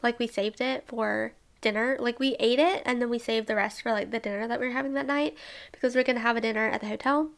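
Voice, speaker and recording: Bubbly young woman from Alabama, gravelly edge. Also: fairly high pitch, fairly even intonation, fast talker. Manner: chatty, bubbly, frequent "like" and laughs. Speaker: travel vlogger. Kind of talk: casual travel recap.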